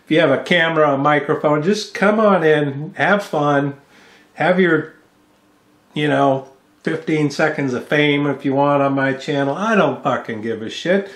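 This man's voice is a little high and fairly bright, his delivery a little slow, and the room echoes. He's an American vlogger angrily cursing and mocking someone in a profane home vlog, using a studio microphone with a mixing board.

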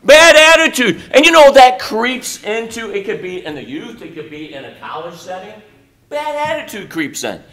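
A middle-aged male pastor preaching a sermon in a college chapel, animated, swinging between loud and soft with mocking asides. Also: very high voice, normal speed.

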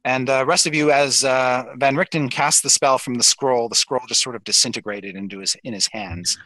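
A man narrating a tabletop game as dungeon master, halting with many fillers. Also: medium pitch, steady tone, pushed and bright, no room sound, rough recording.

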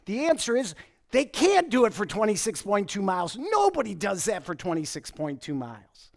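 A male pastor preaching a relaxed, story-driven sermon at a church service. His voice sits a little high for a man and swings up and down with lively intonation. He often chuckles and restarts his sentences as he talks. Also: normal speed. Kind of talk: conversational sermon with personal stories.

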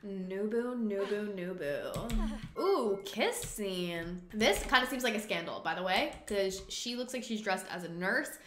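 A woman hosting a gaming video, giving excitable let's-play commentary with frequent swearing and joking self-mockery. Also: medium pitch, normal speed, few pauses, a little hiss or hum. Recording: roomy room sound.

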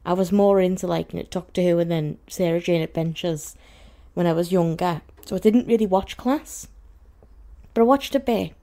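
A young woman from Merseyside talks through a TV review in a loose, chatty way, full of "like" and "you know". Her soft Scouse accent sits on a fairly low, warm, mellow voice. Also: moderate pace. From Merseyside, England. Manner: chatty, rambling, lots of fillers. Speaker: TV review vlogger.

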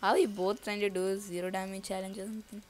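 A woman's voice: medium pitch, level tone, fast, slight background noise. A woman giving casual live commentary on her own gameplay. She thinks aloud and breaks into nervous outbursts. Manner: casual slangy talk to viewers. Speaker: gaming YouTuber.

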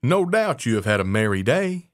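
A man voicing an eager, excitable little female mouse who asks questions. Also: mid-range voice, moderate pace, dry recording, clean studio sound, close to an everyday voice.

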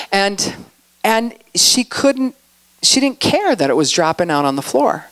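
Animated woman preaching conversationally. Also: mid-range voice, measured pace. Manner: storytelling, acts out quotes with animated voices. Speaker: speaker at a church outreach. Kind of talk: conversational sermon.

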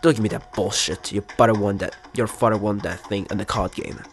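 A man's voice: lowish voice, steady tone, brisk, natural voice. A man reading game dialogue aloud in a put-on British accent, voicing a stern, scheming older crime-family uncle in a stiff, formal way.

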